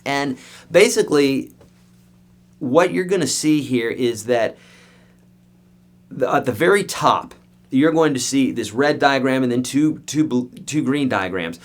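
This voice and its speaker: Male guitar teacher, live online lesson, energetic and emphatic, mid-pitched, talks right at viewers. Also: unhurried, pauses often. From United States.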